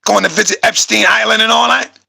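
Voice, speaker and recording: A man's voice: sits high, steady tone, fairly quick, gravelly, pushed and bright, breathy edge. A man hosting a podcast, reacting to clips with profane, repetitive, rhetorical commentary. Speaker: podcast host reacting to videos.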